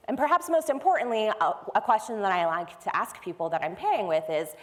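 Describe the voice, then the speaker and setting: A woman's voice: medium pitch, very animated, moderate pace, few pauses. Woman speaking in a reverberant hall. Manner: conversational, explains step by step. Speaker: conference speaker. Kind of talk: technical conference talk. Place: large conference hall.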